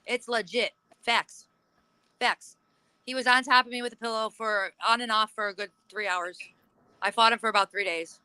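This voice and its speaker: A woman with a bright, forceful, slightly high voice talks bluntly in a casual interview. She swears freely and acts out old arguments in quoted voices. The recording is dry and close. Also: fairly even intonation, normal speed, clear, resonant tone, no room sound, poor audio. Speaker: interview guest. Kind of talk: casual chat.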